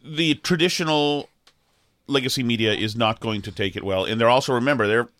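A man's voice: medium pitch, brisk, fairly bright tone, no room sound. A man hosting a podcast, talking casually and sarcastically, pushing his points with rising, emphatic questions. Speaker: podcast host. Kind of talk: casual political chat.

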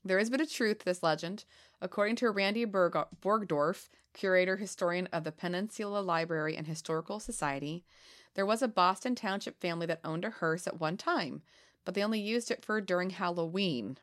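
Playful woman podcaster reading ghost legends, bit low-pitched, laughs a lot. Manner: playful, giggly, reads with dramatic pauses. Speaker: podcast co-host. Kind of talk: casual podcast chat, reading legends aloud.

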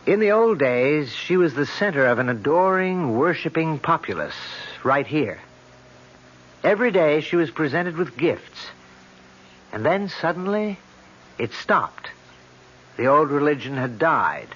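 An actor playing a wry cousin in a 1970s radio drama, speaking in a measured, storytelling way. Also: male voice, fairly high pitch, sing-song, fairly bright tone, breathy edge, full character voice. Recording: dull old radio broadcast with light hiss.

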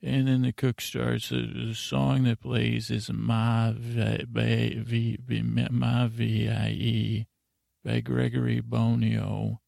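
Gravelly, monotone man rambling a recap. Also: mid-range voice, slow, no room sound, clean studio sound. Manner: meandering, drowsy monotone, many filler words. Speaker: podcast host. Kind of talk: rambling bedtime episode recap.

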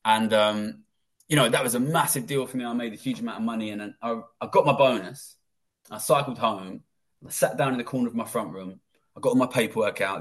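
A man's voice: lowish voice, brisk. A man in his thirties, a former trader and interview guest, telling his life story in a rambling, candid way with lots of swearing and fillers.

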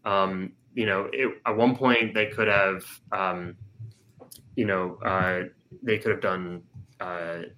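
Man co-host, casual political talk, low-pitched and bright, stop-start with lots of fillers. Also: fairly even intonation, a little hiss or hum. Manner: halting, many fillers and restarts.

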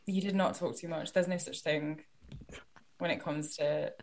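Woman co-host, slightly low voice, friendly and chatty. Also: fairly even intonation, moderate pace, a little mellow. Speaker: podcast co-host. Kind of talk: casual podcast chat.

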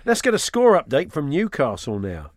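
A man hosting a jokey clip show on the radio, quick with quips and often laughing. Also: on the high side, huge pitch swings, no room sound, clean studio sound.

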